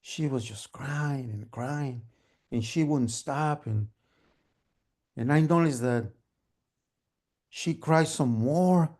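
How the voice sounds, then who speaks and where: A man telling a story at a live storytelling event, animated and humming sewing-machine sounds. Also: mid-range voice, slow, long pauses. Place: storytelling event, online gallery view.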